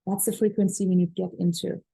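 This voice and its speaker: A woman's voice: lowish voice, flat delivery, fast, creaky, dark tone, husky, low-quality recording. Woman teaching manifestation with gushing enthusiasm. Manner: earnest, repetitive, emphatic affirmations; enthusiastic, gushing about pleasure and gratitude. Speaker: manifestation coach. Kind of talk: spiritual teaching talk.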